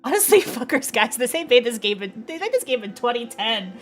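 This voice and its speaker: A woman's voice: a little high, sing-song, a little fast, soft background music. Laughing young woman streamer. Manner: laughing, joking, swearing. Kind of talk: casual live-stream commentary.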